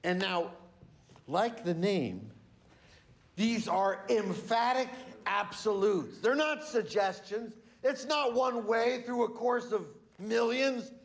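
A man's voice: high-pitched, animated, slow pace. A male pastor preaching a sermon to his church, teaching in an emphatic way and stressing key words.

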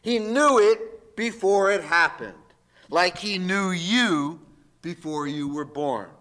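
A man's voice: sits high, takes it slowly, sharp tone. A man, a pastor, preaching a sermon in a folksy, emphatic way with jokes.

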